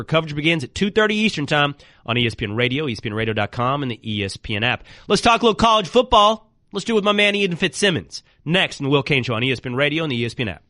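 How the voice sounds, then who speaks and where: Sports radio host guy, lively and joking, bright voice, dry studio sound. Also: medium pitch, no echo. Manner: animated, joking, quick asides.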